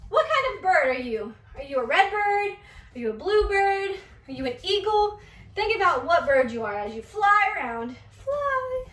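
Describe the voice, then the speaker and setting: A young woman teaching dance to little kids, her high, bright voice coaxing and lively. She stands back from the mic in an echoey room, so the sound carries a roomy ring. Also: moderate pace, recorded from a distance. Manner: animated, coaxing, speaking to young children. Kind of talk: kids' movement class demonstration.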